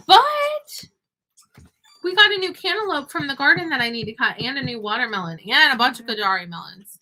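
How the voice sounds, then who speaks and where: Speaking fast in a high, expressive voice with a sharp edge, this young woman is a homeschooling mom and online teacher. She chats casually to her viewers on camera, turning to her young daughter, who eats beside her, between points.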